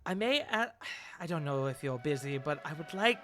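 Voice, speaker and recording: A man's voice: on the high side, animated, normal speed, soft background music. A man voicing a doting, fussy middle-aged noble mother who gushes fond endearments. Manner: warm, gushing, fond endearments.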